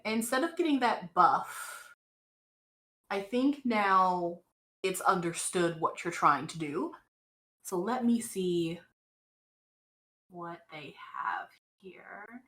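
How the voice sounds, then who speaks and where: A woman running a tabletop role-playing game as game master, narrating slowly with many fillers and restarts. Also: mid-range voice, a bit bright, poor audio.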